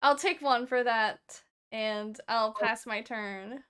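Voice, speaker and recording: A woman's voice: a little high, slow pace, a crowd in the background. A woman streamer chatting playfully through a card game night, laughing often. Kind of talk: casual game-night chat.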